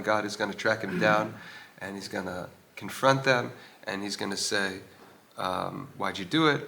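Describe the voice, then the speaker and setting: A man's voice: on the low side, pushed and bright, slight background noise. A man teaching a religious text. He reads short passages aloud, translates them, and keeps asking questions of the text. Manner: explanatory, pauses with fillers, asks questions aloud. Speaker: Torah teacher. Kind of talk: text study, reading Hebrew lines and translating them. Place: old stone synagogue.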